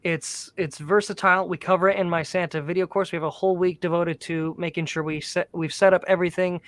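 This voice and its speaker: A man's voice: high-pitched, steady tone, a little fast, fairly bright tone, no echo. A man who works as a professional Santa performer, chatting eagerly as a guest over a video call from his home studio. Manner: eager, talkative explainer. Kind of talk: casual interview chat. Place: home studio decorated with Christmas trees.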